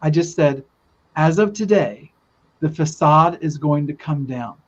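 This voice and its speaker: An earnest man tells a spiritual story in loose, rambling podcast talk, often restarting his sentences. His voice sits a bit high for a man. The recording is dull and lo-fi. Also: lively intonation, measured pace. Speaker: guest telling a spiritual vision. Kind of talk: casual storytelling in a podcast chat. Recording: dull lo-fi sound.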